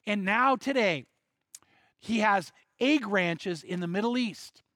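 A high-voiced man preaching and telling a long story from the pulpit, acting out each person's lines with lively shifts. The sound is dry and close, with no room echo. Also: slow. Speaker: pastor. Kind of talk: sermon storytelling.

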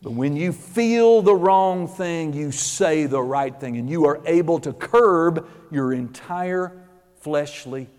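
A man preaching a sermon, animated, acting out quotes and rising to shouts. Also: on the high side, takes it slowly. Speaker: pastor. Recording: long hall reverb.

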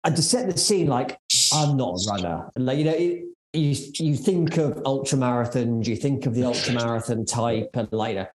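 A man's voice: mid-range voice, normal speed, a little mellow. English guy in his 40s on a podcast, jokey and upbeat, lots of ums, echoey room. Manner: upbeat, joking, many fillers. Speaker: podcast guest. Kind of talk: casual podcast chat.

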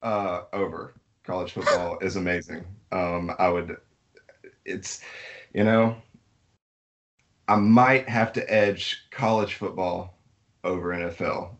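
A man's voice: sits low, steady tone, takes it slowly, pauses often, a bit bright, dull audio. A man from Alabama, a podcast guest, chatting casually in a laid-back, rambling way and laughing easily. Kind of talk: casual chat.

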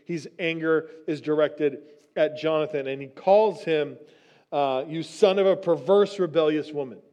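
Conversational pastor, slightly high voice. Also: male voice, a little mellow, muffled recording. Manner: conversational teaching with frequent restarts and "right?" asides. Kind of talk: sermon.

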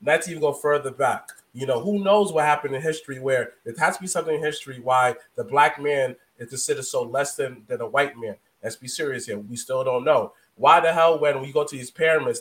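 A man with a voice of ordinary pitch hosts a casual podcast. He asks long, rambling questions and wanders through his thoughts before he gets to the point. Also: fairly bright tone. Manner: meandering, long-winded questions.

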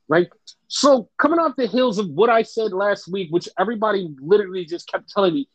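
A man hosting a casual podcast chat, telling stories in a profane, animated way and putting on voices for the people he quotes. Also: sits high, brisk, no echo, highs cut off. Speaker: wrestling podcast host.

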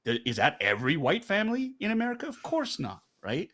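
A man's voice: on the high side, huge pitch swings, fairly quick, fairly bright tone. A middle-aged man, a guest in a candid interview, making his points with rhetorical questions and a tag of "right?". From Canada.

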